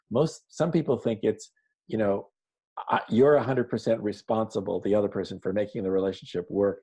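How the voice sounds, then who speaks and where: Low gravelly man, earnest explainer. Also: warm tone, poor audio. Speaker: author and interview guest. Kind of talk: conversational interview.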